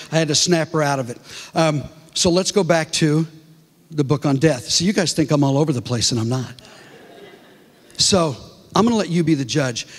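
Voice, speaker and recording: A middle-aged comedian speaking to a congregation, telling humorous stories with many restarts. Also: male voice, a little high. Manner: animated storytelling with many restarts. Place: large church hall. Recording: reverberant hall.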